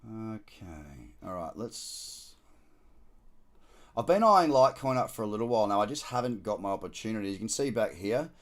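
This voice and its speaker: A man's voice: lowish voice, big pitch swings, moderate pace. An Australian man hosting a live trading stream, talking casually and slangily as he walks through charts and cracks dad jokes. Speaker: trader hosting a live market scan.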